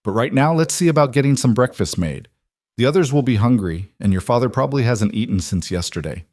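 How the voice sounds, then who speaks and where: A man voicing a kind young frontier woman who speaks gently but firmly, reassuring a frightened family. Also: mid-range voice, lively intonation, a little fast, dry recording, clean studio sound, pitched above the performer's own voice, natural voice.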